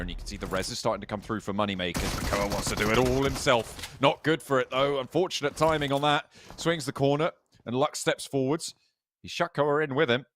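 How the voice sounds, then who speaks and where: A man casting an esports match, calling the action in quick, bantering play-by-play. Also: mid-range voice. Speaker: esports caster. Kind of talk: play-by-play commentary. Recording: faint game noise behind.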